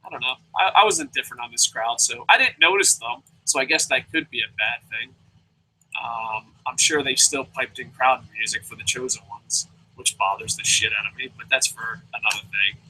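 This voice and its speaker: A man's voice: medium pitch, normal speed, pushed and bright, breathy edge, poor audio. A young man hosting a casual live wrestling review, ranting profanely and rambling with goofy sound effects. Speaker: wrestling review show host.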